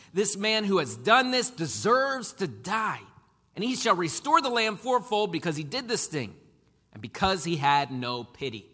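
Male preacher, high bright voice, emphatic delivery, long hall reverb. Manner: animated, emphatic preaching with sudden loud and soft turns. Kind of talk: sermon.

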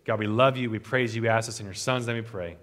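Pastor preaching in a reverberant hall. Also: male voice, lowish voice, fairly even intonation, fast talker. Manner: earnest, rhythmic repetition, trailing off softer at phrase ends. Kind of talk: sermon and closing prayer. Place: church sanctuary.

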